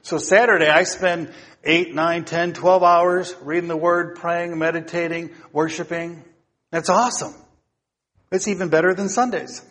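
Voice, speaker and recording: A man's voice: on the high side, fairly even intonation, a little slow, a bit bright, in a large hall. A middle-aged male pastor preaching a sermon, earnest and exhorting, often asking the congregation questions.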